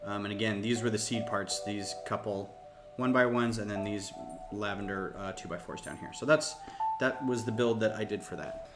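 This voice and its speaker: A man with a low voice hosts a casual livestream from home, rambling and thinking aloud as he builds. He sits a little back from his desk mic, and music plays clearly underneath. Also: steady tone, normal speed. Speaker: host of a LEGO design livestream. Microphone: desk mic, a bit farther off than usual.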